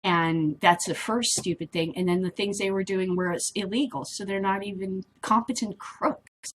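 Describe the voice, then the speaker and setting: A woman's voice: medium pitch, steady tone, normal speed, a bit bright, slight background noise. A middle-aged woman hosting a casual vlog, reading news and commenting on it in a blunt, rambling way that drifts off topic. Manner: rambling, easily sidetracked, blunt and swearing.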